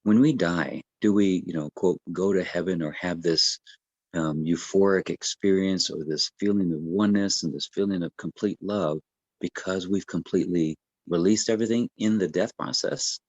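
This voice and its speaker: A man with a very low voice talks a listener through breathwork in a gentle, easygoing way. He pauses often and restarts his sentences. The recording is close and dry. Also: no room sound, dull audio. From United States. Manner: gentle, unhurried, with many fillers and restarts. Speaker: breathwork coach. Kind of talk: casual explanatory talk.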